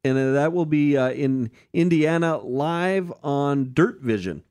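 A man's voice: on the high side, slow pace, a little mellow, clean tone. A man co-hosting a racing podcast, reading schedules and chatting in an easygoing, hesitant way with frequent fillers. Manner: easygoing, hesitant with many uh's, chuckles. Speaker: podcast co-host. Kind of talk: casual chat and schedule reading.

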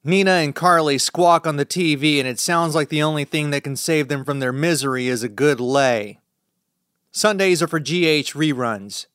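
A man reading a first-person thriller as an audiobook narrator, in a measured, tense storytelling manner. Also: a little high, fairly bright tone, smooth, no room sound, clean studio sound.

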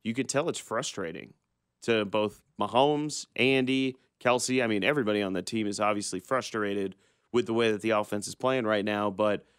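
Male sports talk co-host, deep and resonant, conversational, dry studio sound. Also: normal speed, clear, resonant tone, dry recording. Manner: conversational, agrees then adds his own analysis.

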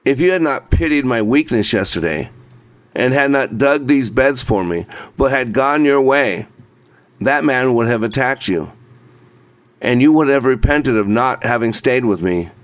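Man reading as a calm old hermit. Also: medium pitch, measured pace, no echo, lightly acted. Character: old wise male hermit, calm and patient.

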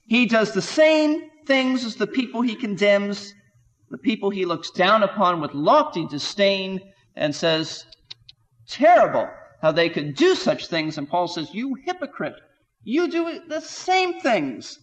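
A man with a high voice teaches through a scripture passage verse by verse. He presses his points with rhetorical questions and lifts his voice when quoting the text. A long reverb trails behind his words. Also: expressive, measured pace, fairly bright tone. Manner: emphatic, rhetorical questions, quotes scripture with rising voice. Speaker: Bible teacher. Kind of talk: expository Bible teaching.

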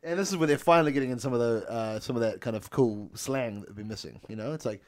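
A man's voice: mid-range voice, fast talker. A young man co-hosting a comedy podcast, riffing playfully on a film, giggling and hamming up villain lines. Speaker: podcast co-host. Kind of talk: comedic movie recap with improvised character voices.

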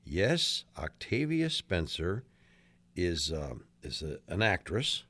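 A man's voice: low voice, big pitch swings, slow, a bit bright. A man co-hosting a radio show in casual banter, often hesitating with fillers while he thinks. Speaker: radio co-host.

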